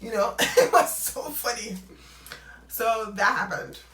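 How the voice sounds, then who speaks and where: Young adult woman, casual storytime vlogger, lively and laughing; bright tone, roomy echoey room. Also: on the high side, slow. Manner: animated, laughing, acts out quotes. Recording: roomy echo, away from mic.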